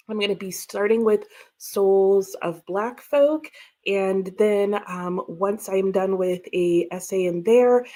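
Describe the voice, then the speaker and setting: A woman hosting a casual livestream from her home, chatting, laughing often and reading out viewer comments. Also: medium pitch. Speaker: livestream host. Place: home room with bookshelves.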